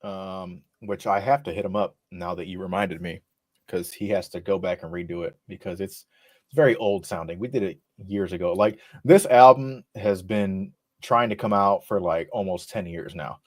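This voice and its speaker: A man with a fairly low, laid-back voice chats casually as a podcast guest. He is unhurried and easygoing, dropping the odd swear word. The sound is dry and close, with no room around it. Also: no echo. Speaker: rapper guest.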